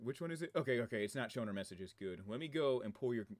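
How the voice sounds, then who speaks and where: A man chatting casually on his game livestream from a room at home, excitable and rambling, often breaking into laughter. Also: medium pitch, racing. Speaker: game streamer.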